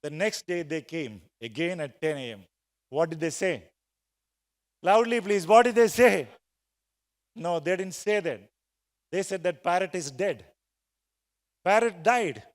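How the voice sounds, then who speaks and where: A sales trainer at a conference gives a motivational talk to a live crowd in a large hall, telling a story and getting people to call out answers. His voice is on the high side and animated, with a measured pace and frequent pauses. The big hall adds a long reverb.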